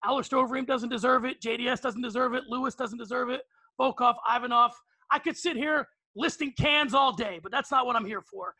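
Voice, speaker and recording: A man's voice: extremely high pitch, brisk, bright, forceful tone, dry recording. A man on a podcast panel, brashly roasting a guest with punchy rhetorical questions before arguing his pick.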